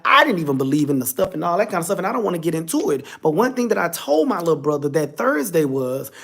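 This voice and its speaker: A man's voice: high-pitched, vocal fry. A man, telling a personal story to his viewers, candid and emotional, speaking to them directly. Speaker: vlogger.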